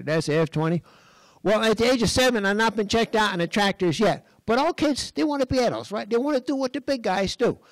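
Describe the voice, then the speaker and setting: An older man from Western Massachusetts speaks at a design school event in a folksy, animated storytelling manner. His voice sits high, and he clears his throat again and again. The sound is dry, with no room around it. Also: no room sound, rough recording. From Western Massachusetts, USA. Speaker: speaker at a design college talk. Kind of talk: storytelling talk. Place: lecture stage.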